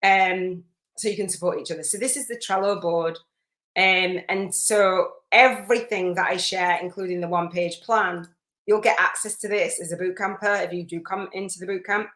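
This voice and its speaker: A woman's voice: fairly low pitch, fairly even intonation, moderate pace. A woman hosting a live spiritual business masterclass, chatty and effusive, rambling with fillers as she reads out viewer comments. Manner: warm, effusive, rambling with many fillers and restarts. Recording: roomy echo.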